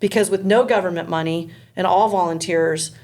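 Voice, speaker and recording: A middle-aged woman speaking as a guest, telling lively anecdotes and acting out the people in them. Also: on the low side, normal speed. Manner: energetic, acts out quoted people in anecdotes. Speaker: founder of a volunteer outreach group. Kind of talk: interview storytelling.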